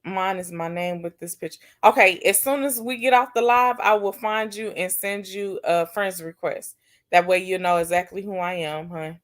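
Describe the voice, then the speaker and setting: A woman hosting a casual livestream, chatting warmly and answering viewers' comments one by one. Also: lowish voice, normal speed. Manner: affectionate, calls viewers baby and sis. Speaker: livestream host.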